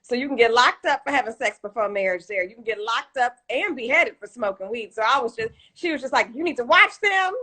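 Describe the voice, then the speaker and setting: A woman from Detroit tells a story as an interview guest, her high voice swooping up and down as she acts out the people in it. Her tone is a little husky. She sounds like she is on a video call. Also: expressive, fast, few pauses, sharp tone. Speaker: guest entrepreneur.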